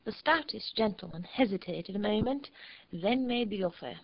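A woman narrating a storybook in a measured, steady reading voice. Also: mid-range voice, creaky, dull audio.

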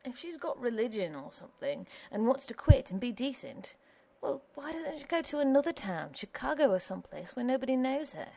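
A woman's voice: sits high, big pitch swings, fairly quick, vocal fry, warm tone, voice pushed up, heavily acted. A woman voicing a very young husband who speaks hotly and impatiently. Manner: indignant, hot-tempered.

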